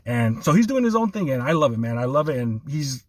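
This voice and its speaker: A man hosts a loose sports conversation at a middle pitch, chuckling between points and leaning on "man" as he goes. His voice sits in a dry, close space with little room sound. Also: big pitch swings, fairly quick, no echo. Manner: laughs often, enthusiastic, repeats 'man'. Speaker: sports podcast host. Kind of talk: casual sports chat.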